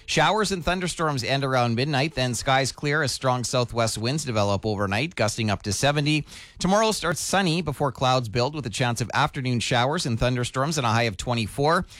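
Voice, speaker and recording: Man, radio news anchor, measured scripted read, dry close sound. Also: mid-range voice, no echo. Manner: steady, measured news delivery. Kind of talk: scripted newscast reading.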